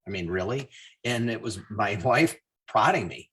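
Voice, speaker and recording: A man hosting a business call, telling stories in a casual, animated way. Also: mid-range voice, unhurried. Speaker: host.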